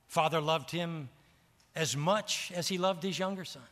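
Guy preaching a sermon, kinda high bright voice, big echoey church hall. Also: unhurried. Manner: animated preaching, voices the characters' lines, repeats words for effect. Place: church sanctuary. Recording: long reverb of a large hall.

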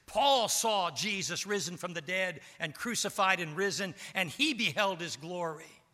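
A man's voice: high voice, expressive, measured pace, sharp tone. A male pastor preaching an emphatic sermon and calling on the congregation for responses. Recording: long hall reverb.

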